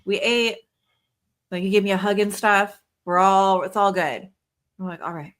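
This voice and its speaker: A woman's voice: mid-range voice, animated, normal speed, fairly bright tone. A young adult woman hosting a podcast, telling a story in casual chat and acting out her kids' voices. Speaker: podcast host.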